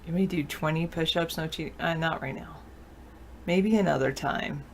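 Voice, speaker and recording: A woman's voice: deep voice, normal speed, vocal fry, slight background noise. A woman co-hosting a live online show, chatting casually and answering viewer questions aloud. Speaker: show co-host reading chat. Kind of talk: casual live-stream chat.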